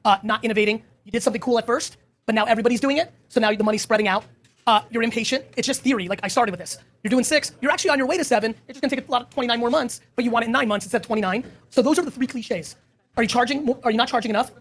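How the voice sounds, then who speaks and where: A man's voice: very high-pitched, rapid-fire, a bit bright. A man hosting a live audience Q&A, answering questions in a blunt, emphatic way and swearing often. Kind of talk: live Q&A talk.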